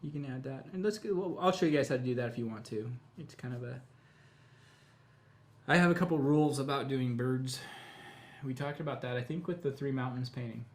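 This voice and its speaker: A man teaching a live painting tutorial, explaining each step in a relaxed, chatty way. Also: medium pitch, a little fast. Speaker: painting instructor.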